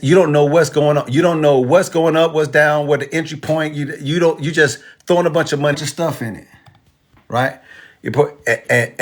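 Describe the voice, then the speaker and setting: Man, casual teaching, emphatic, repetitive, slangy, slightly high voice. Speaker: crypto course seller. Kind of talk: casual teaching demo with music.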